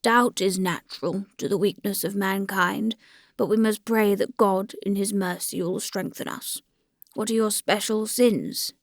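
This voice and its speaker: A woman's voice: mid-range voice, moderate pace, dry recording, studio quality, lightly acted. A woman reading the part of a weary, good-natured old priest who rattles off churchly phrases in a rote rush. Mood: hurried, patient.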